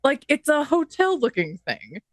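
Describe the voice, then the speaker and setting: A woman's voice: high-pitched, big pitch swings, moderate pace, no room sound, clean studio sound. A woman co-hosting a podcast, telling a rambling funny story and giggling as she quotes others. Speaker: podcast co-host.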